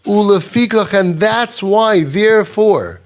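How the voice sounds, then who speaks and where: A man's voice: sits high, expressive, slow. A man giving a Torah lecture in English with an Orthodox Jewish accent, reading Hebrew quotes and explaining them with repetition for emphasis. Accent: Orthodox Jewish English with Ashkenazi Hebrew. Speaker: rabbi teaching a class.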